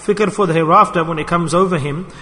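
A man's voice: fairly high pitch, fairly quick, sharp tone. A man preaching a sermon with passion, repeating his key phrases for emphasis. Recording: long hall reverb.

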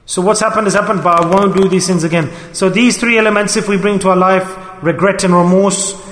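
High-voiced male preacher in echoey hall. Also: steady tone, a little fast, fairly bright tone. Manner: emphatic, repeats key words, rhetorical questions. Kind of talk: sermon. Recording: echoey hall with long reverb.

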